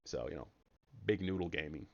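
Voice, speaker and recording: A man giving casual, jokey commentary while streaming a card game, breaking into sudden high excited yelps. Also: a little fast, gravelly, muffled recording.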